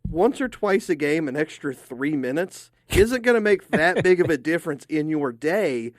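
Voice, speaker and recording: A man's voice: a little high, animated, moderate pace, no echo, clean studio sound. A man co-hosting a sports radio show, giving his opinions emphatically. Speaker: radio co-host.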